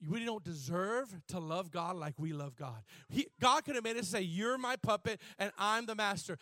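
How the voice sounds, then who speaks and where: A man preaching a sermon, repeating words and drawing out phrases, building from quiet emphasis to shouted fervor. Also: high voice, animated, normal speed, hardly any pauses, no room sound.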